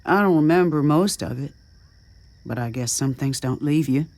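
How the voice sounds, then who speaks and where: A woman voicing a young adventurous man with a soldier's past, speaking low and subdued. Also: normal speed, darkish tone. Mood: quiet.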